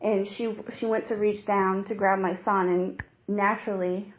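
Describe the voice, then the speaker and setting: A woman's voice: medium pitch, flat delivery. Young woman recounting an ordeal, roomy lo-fi. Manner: halting, earnest, many restarts. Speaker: interviewee, new mother. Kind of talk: emotional personal account. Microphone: hidden recorder. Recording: roomy, dull lo-fi secret recording.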